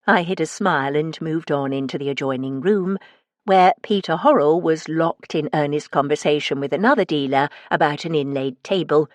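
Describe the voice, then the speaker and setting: A woman's voice: deep voice, moderate pace, no room sound. Wry woman reading an audiobook. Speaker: audiobook narrator. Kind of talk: first-person scripted narration.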